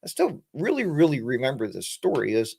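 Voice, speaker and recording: A man's voice: mid-range voice, big pitch swings, a little fast, vocal fry, a little mellow, husky. A middle-aged man from the United States hosting a casual motorcycle live-stream chat, rambling with lots of fillers and restarts. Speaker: motorcycle channel host.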